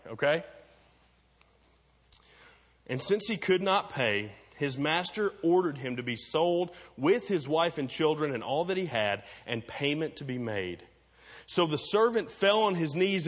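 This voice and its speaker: A man with a fairly high voice preaches a sermon, explaining plainly and tossing rhetorical questions to the congregation. He swings from quiet, conversational stretches into emphatic, rising passages. His voice rings with the long reverb of a large church hall. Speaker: pastor.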